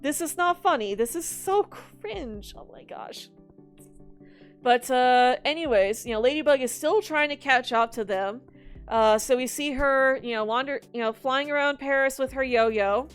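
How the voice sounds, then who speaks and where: A woman giving casual movie commentary in an animated, exasperated, rambling way. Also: high voice, moderate pace, clean tone, faint music behind. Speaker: video commentator.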